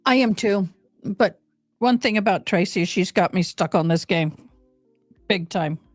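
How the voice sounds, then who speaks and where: A woman's voice: mid-range voice, measured pace, no echo, clean studio sound. A woman livestreaming a game in a casual chat, talking straight to her viewers. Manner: chatty, addresses viewers directly. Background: faint game music.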